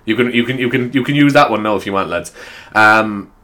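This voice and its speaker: Rambling Irish man with a low voice. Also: brisk, bright, forceful tone. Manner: rambling, swears freely, laughs between points. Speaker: vlogger. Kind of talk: casual rambling monologue. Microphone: desk microphone. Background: faint upbeat music.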